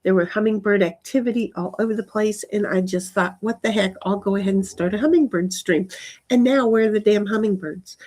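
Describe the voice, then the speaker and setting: Casting: woman live-streaming outdoors, loose rambly chat, mid pitch, casual swearing. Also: fairly quick, a little mellow. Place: backyard outdoors.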